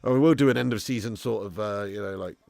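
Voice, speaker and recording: A man's voice: on the low side, quick pace, gravelly, a crowd in the background. A man hosting a live football watch-along, chatting casually, bantering, swearing freely and reading out viewer messages. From England. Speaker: live stream host.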